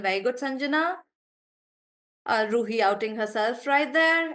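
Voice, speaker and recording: A woman's voice: fairly high pitch, expressive, moderate pace, long pauses, a bit bright. A woman from South India with a South Indian English accent, teaching pronunciation in a live online class, encouraging and breaking words into syllables.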